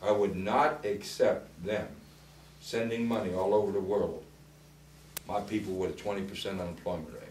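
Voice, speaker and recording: A man's voice: low voice, fairly even intonation, moderate pace, far from the mic, a little hiss or hum. A man telling colorful, blunt political stories and acting out the quotes. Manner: colorful, blunt, acts out quotes with big swings in loudness. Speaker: former congressman telling stories. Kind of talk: animated storytelling speech. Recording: echoey room, speaker away from the mic.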